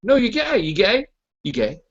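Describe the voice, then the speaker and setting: A man's voice: sits high, huge pitch swings, moderate pace, voice pushed up, full character voice. A man mimicking a snotty teenage girl. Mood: taunting. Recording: lo-fi, muffled.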